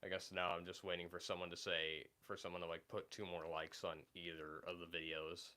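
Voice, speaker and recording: A man's voice: sits low, little pitch movement, fairly quick, pushed and bright. A man hosting a casual live stream, rambling and hesitant with many fillers while recovering from being sick. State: recovering from illness. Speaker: livestream host reading chat.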